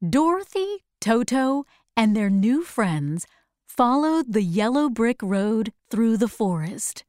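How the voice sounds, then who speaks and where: A woman reading a storybook aloud, clear and expressive. Her voice is high and moves up and down a lot, and she takes her time. The recording is close and dry. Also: takes it slowly, no room sound. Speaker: narrator. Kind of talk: scripted storybook narration.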